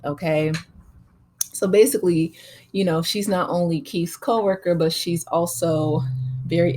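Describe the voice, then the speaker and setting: A woman's voice: lowish voice, darkish tone. A woman hosting her own channel, giving a casual, chatty movie recap with frequent laughs and fillers. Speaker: channel host.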